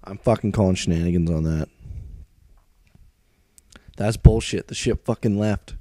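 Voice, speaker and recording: A man's voice: deep voice, moderate pace, warm tone. A man playing through a strategy game, commenting as he goes and swearing a lot as he complains about the game's unfairness. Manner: profane, grumbling, calls out the game's unfairness. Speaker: let's play gamer.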